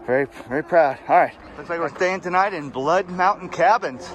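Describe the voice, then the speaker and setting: A winded man talks into a handheld camera on a mountain trail, chatty and loose with his fillers. His voice sits a bit high, and faint outdoor noise runs behind him. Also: moderate pace, a bit bright. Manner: chatty, addresses viewers as guys, many fillers. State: out of breath. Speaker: hiking vlogger. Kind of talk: casual outdoor vlog narration.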